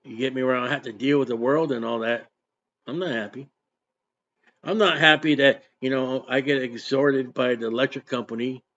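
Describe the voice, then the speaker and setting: A man preaching a sermon, quoting scripture with emphatic outbursts and quieter asides. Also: medium pitch, moderate pace. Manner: emphatic, repetitive, switches between loud outbursts and quiet asides. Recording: dull lo-fi recording.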